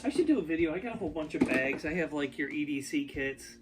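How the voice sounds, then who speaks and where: A man's voice: fairly high pitch, expressive, quick pace, very noisy. A man casually vlogging from his home basement, talking unscripted and rambling as he reviews food. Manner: rambling, off-the-cuff, chatty. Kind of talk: casual unscripted vlog talk. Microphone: ear pod.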